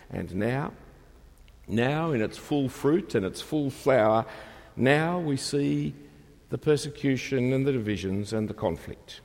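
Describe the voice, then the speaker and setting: A man's voice: mid-range voice, animated, a little slow, gravelly, a little mellow. A man preaching a sermon, emphatic and rhetorical, asking his listeners questions. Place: church. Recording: long reverb of a large hall.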